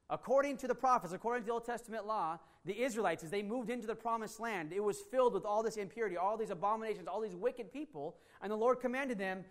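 A man's voice: high voice, fast, hardly any pauses. A man preaching a teaching sermon, earnest and emphatic, with fillers and restarts as he explains scripture. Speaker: pastor.

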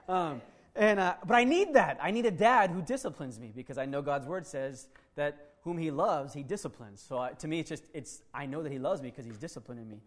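A male pastor preaching a sermon in a conversational, animated way, with self-deprecating asides. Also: high-pitched.

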